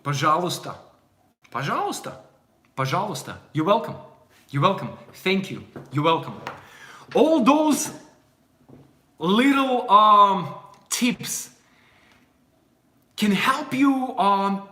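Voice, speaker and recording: A young man with a Russian accent, a native Russian speaker, teaching a casual language lesson in a playful, animated way. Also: high-pitched, very slow, pauses often, reverberant. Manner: animated, playful, puts on voices in anecdotes.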